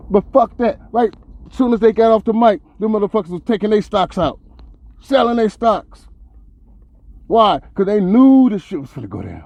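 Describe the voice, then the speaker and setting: A man hosting a podcast, delivering a profane, heated and sarcastic rant that swings between loud outbursts and low mutters. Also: animated, brisk, narrow, tinny audio. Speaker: podcast host. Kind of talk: ranting commentary monologue.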